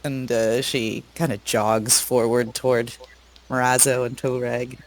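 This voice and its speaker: A man playing a tabletop game, calmly describing his character's actions. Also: medium pitch, measured pace, slight background noise. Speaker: player. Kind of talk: tabletop role-play narration.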